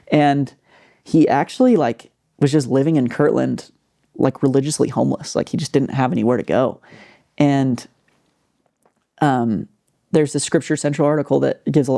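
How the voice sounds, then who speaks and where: Gravelly, dark-voiced man telling a story. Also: medium pitch. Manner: animated, filler-heavy storytelling. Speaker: podcast host. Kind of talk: casual storytelling.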